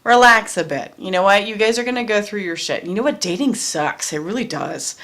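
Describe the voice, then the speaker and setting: A woman's voice: mid-range voice, animated, fairly quick, fairly bright tone. A woman doing a casual tarot card reading, chatty and blunt, who often repeats her phrases and swears freely. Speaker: tarot reader.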